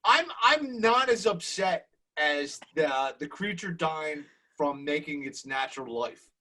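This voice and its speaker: Crude mocking man, husky voice. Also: on the high side, lively intonation, unhurried, sharp tone. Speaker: podcast co-host. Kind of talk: casual podcast chat.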